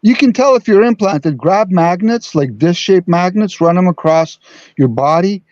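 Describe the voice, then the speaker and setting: A man calling in to a talk show, explaining earnestly with halting restarts. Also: sits high, lively intonation, darkish tone, dry recording, muffled recording. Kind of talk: casual call-in talk.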